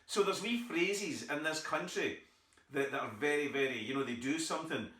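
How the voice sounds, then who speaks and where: A man's voice: on the high side, normal speed, bright, forceful tone. A middle-aged man with a Scottish accent doing a stand-up routine, telling stories and acting out the other people in them. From Scotland. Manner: storytelling, acting out others' voices. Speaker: stand-up comedian. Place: theatre stage. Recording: echoey theatre from far off.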